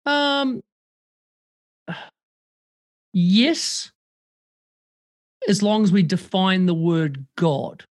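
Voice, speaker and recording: A man chatting casually as a podcast guest over a remote call, animated and swearing freely, acting out quoted voices. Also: high voice, extremely slow, long pauses.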